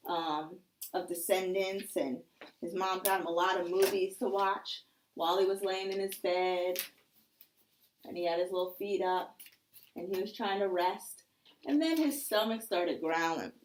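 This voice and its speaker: A woman's voice: on the low side, unhurried, a little hiss or hum. A woman teacher telling young children a story that explains how clock hands work, checking in with them often.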